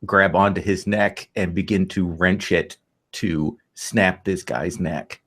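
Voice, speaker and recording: A man describing his character's actions in a tabletop role-playing game, measured and deliberate. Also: sits low, steady tone, fairly bright tone. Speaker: player.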